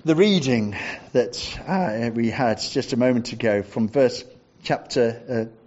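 A man preaching a sermon in a measured, reflective way, repeating phrases for emphasis. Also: medium pitch, darkish tone, muffled recording.

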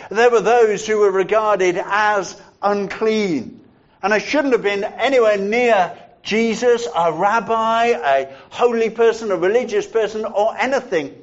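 A male preacher with a high voice delivers a sermon slowly and thoughtfully. He leans on repeated phrases to drive each point home. The recording is dull and lo-fi. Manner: measured, reflective, repeats phrases for emphasis.

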